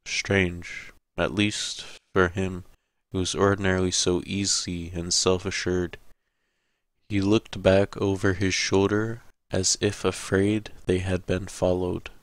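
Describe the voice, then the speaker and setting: A man narrating an audiobook in a measured, steady way. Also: deep voice, no echo. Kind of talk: scripted narration.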